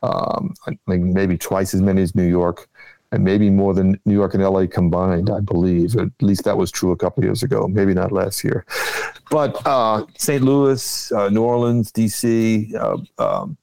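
A man, a guest political strategist, talking in a measured, explanatory way with many ums and uhs. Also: sits low, vocal fry, darkish tone, no echo, low-quality recording. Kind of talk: casual political chat.

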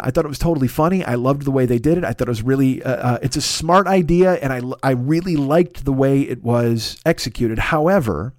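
A man's voice: mid-range voice, dry recording. Male stand-up hosting his own show, dry close mic, profane and worked-up monologue. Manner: animated, swearing, rants with mounting excitement. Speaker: podcast host; stand-up comedian.

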